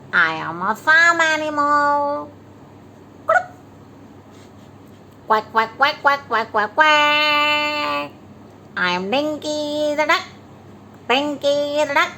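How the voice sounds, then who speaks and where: A woman's voice: high-pitched, pushed and bright, a little hiss or hum, pitched above the performer's own voice, full character voice. A woman voicing a cheerful, friendly farm duck who quacks and greets children in a sing-song way.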